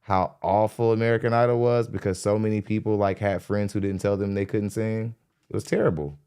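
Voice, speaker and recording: A man hosting a podcast, giving blunt, animated commentary as he reacts to a clip, laughing often between points. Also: lowish voice, fairly quick, clean tone. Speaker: podcast host reacting to a dating show clip. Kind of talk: casual commentary. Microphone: studio dynamic mic.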